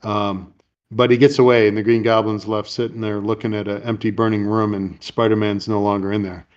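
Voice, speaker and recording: A man's voice: fairly low pitch, little pitch movement, lo-fi sound. A man hosting a casual chat, retelling movie scenes in a rambling way and briefly voicing the characters. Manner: rambling, retells scenes with quick put-on lines. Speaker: podcast host.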